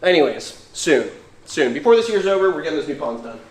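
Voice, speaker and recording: A fairly high-voiced young man chats through a livestream, enthusiastic and easygoing as he talks about animals. His voice rings around an echoey room. He talks in a loose, rambling way, jumping between topics. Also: sing-song, a little fast. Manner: enthusiastic, chatty. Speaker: reptile keeper and livestream host. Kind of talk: casual livestream chat.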